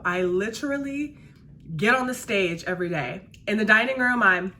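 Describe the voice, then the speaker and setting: With slight background noise, a woman with a mid-range voice sounds animated, pushed, and bright, talking a little fast. She's a restaurant server doing her makeup and chatting casually, emphatic and repeating her key phrases.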